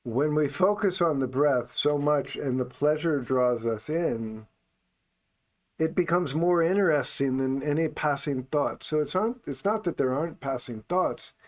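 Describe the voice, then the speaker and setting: Calm and in no hurry, a male meditation teacher talks unscripted, voicing words only on each out-breath. His pitch is on the high side.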